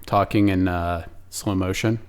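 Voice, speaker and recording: Meet a man with a somewhat low voice, trading deadpan jokes in a casual film chat. He lays out his points step by step. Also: unhurried, over a noisy crowd. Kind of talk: casual movie commentary chat.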